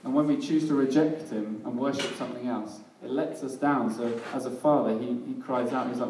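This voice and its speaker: A man's voice: medium pitch, a little fast, hardly any pauses, darkish tone, slight background noise. A man preaching a sermon in a casual, self-deprecating way, often laughing at himself. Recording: echoey hall, mic at a distance.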